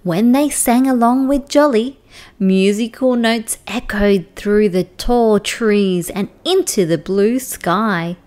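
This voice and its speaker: A woman with an Australian accent reading a children's picture book aloud, slow and expressive. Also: mid-range voice. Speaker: storytime reader.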